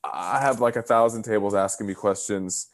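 On a video call, a podcast guest in his thirties chats casually in a lowish voice at a moderate pace. He's an animated storyteller, performing the voices of the people he quotes.

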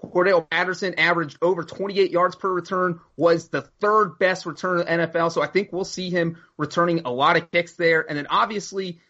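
A man's voice: high-pitched, fairly even intonation, brisk, hardly any pauses, bright, forceful tone. A man co-hosting a casual sports talk show, breaking down signings with numbers. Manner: analytical, citing stats. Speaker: sports podcast co-host. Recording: muffled lo-fi audio.

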